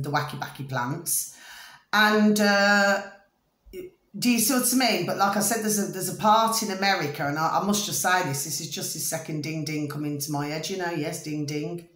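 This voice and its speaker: Speaking at a normal speed in a fairly low, slightly bright voice, this middle-aged British woman vlogs in a roomy-sounding space. Her chatty, rambling monologue to camera keeps checking in with viewers through "do you see what I mean?" and "ding ding".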